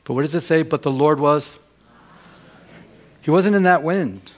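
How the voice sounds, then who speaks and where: A man preaching a sermon as pastor, putting questions to the congregation and moving between loud and hushed delivery. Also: fairly high pitch, measured pace. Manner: asks the congregation rhetorical questions. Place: church during a Sunday service.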